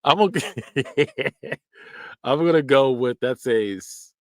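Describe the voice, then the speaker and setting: A man's voice: mid-range voice, slow, no echo, studio quality. A man hosting a podcast, giving casual, joking reaction commentary and laughing often. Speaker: podcast host.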